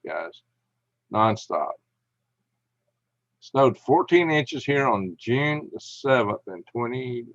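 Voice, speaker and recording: A middle-aged man with a gravelly, creaky voice hosts a casual livestream from home, reading out viewer comments and answering them in a folksy, chuckling way. The sound is dry and a little dull, like a lo-fi home mic. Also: on the low side, no room sound. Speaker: livestream host.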